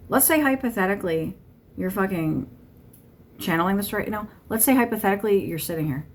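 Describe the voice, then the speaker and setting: A woman speaks to the camera in a channeled monologue, her voice sitting at an ordinary middle pitch. She is blunt and openly irritated, and profanity runs through almost every sentence. A faint ambient hum sits under her voice. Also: animated, brisk. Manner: blunt, irritated, heavy swearing. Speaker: tarot channeler.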